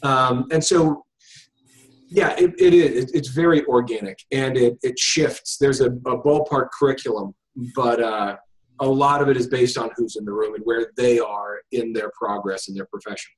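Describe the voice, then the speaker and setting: This is a man with a mid-range voice at normal speed, heard on a rough video-call recording. He teaches hypnosis and is being interviewed conversationally, talking loosely and restarting often amid plenty of fillers.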